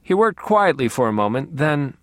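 A man's voice: on the high side, very animated, moderate pace, dry recording. A man narrating a first-person audiobook in a dry, wry manner.

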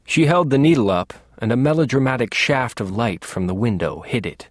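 A male audiobook narrator reads first-person fiction at a middle pitch, measured and wry, with a dry, close studio sound. His delivery stays even and controlled. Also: no room sound.

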